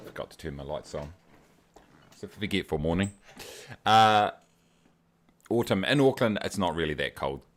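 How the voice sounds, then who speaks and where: A low-voiced man with a New Zealand accent chats casually through a livestream. He jokes around and greets his viewers by name one after another. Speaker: livestream host.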